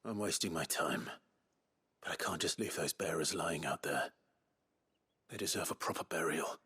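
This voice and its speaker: Clive, a husky whispering swordsman. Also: moderate pace, sharp tone, exaggerated voice. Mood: grim. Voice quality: low husky near-whisper. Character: grim young male warrior, quiet and brooding.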